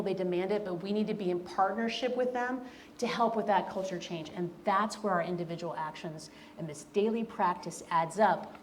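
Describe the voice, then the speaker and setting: A woman's voice: mid-range voice, a little mellow, slight background noise. Earnest woman speaker reading her book. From American South. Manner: earnest, emphatic, repeats key lines. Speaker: author and speaker. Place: event room before an audience.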